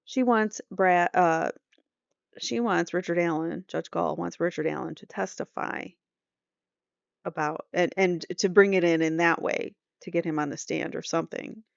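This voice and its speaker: Gravelly-voiced woman recapping a trial. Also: fairly low pitch, moderate pace, no echo, highs cut off. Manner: conversational, reads quotes aloud, trails off into asides. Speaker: true crime channel host. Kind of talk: casual commentary recap. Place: home room.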